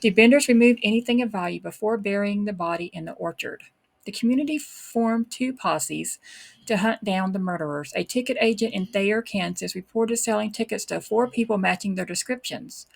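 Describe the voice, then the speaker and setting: A woman's voice: mid-range voice, normal speed, creaky. A woman hosting a true crime show, reading historical documents aloud and adding casual, unsure comments of her own. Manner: reads old texts then comments in an offhand, unsure way. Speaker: true crime podcast host.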